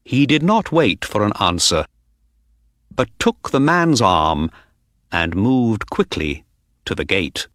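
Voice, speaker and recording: A man narrating a story for learners in a slow, clear storytelling manner. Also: fairly low pitch, sing-song, fairly bright tone, no room sound, studio quality. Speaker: audiobook narrator.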